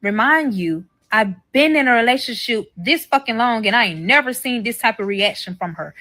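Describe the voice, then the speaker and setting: A woman with a fairly high voice tells a story in a story-time clip. She swears constantly and acts out every quoted line. She keeps the delivery animated throughout. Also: moderate pace, hardly any pauses.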